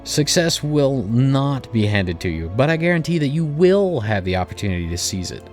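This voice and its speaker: A proud, long-winded male guild receptionist gives a stately welcome to new recruits, as a man reads his lines aloud. The voice sits at an ordinary middle pitch. Soft game music plays quietly underneath. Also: very animated, normal speed, lightly acted. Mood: formal.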